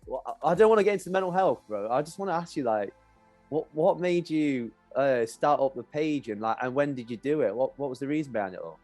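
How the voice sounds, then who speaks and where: A man's voice: medium pitch, expressive, fast talker, a little mellow, soft background music. A man hosting a podcast in a casual chat, laughing often and calling his guest brother. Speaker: podcast host.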